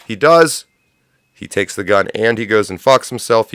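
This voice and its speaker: Male stream host, mid-pitched voice, smooth and crisp, dry close sound; riffs crude, sarcastic rants. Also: moderate pace, fairly bright tone, dry recording. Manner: sardonic, profane riffing; rambling absurd tangents. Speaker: livestream host. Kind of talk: comedic political commentary.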